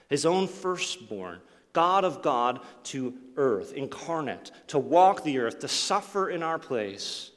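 Reverberant male preacher delivering a sermon. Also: mid-range voice. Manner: expressive preaching with rhetorical questions, sudden drops to near-quiet. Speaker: pastor.

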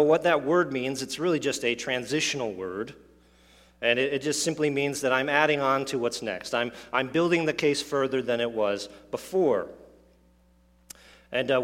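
A man's voice: medium pitch, fairly bright tone. Preaching man in a reverberant hall. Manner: expository, with rhetorical questions and asides. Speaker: pastor. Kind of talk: sermon.

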